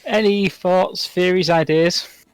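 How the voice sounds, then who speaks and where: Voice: mid-range voice, steady tone, slow pace, no echo. A game master wrapping up a live tabletop game stream, running through end-of-session awards and sign-offs.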